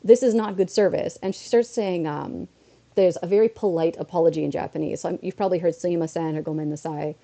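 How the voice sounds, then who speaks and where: A woman's voice: sits low, vocal fry. A woman streamer from North America telling a story in a casual way, slipping into quoted voices as she goes, a bit under the weather. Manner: animated storytelling with quick switches into quoted voices.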